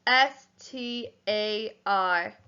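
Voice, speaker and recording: Woman teacher, very slow and deliberate, bright tone, slightly muffled recording. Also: mid-range voice, clean tone. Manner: slow, spells words letter by letter. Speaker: primary school teacher. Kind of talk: home learning lesson.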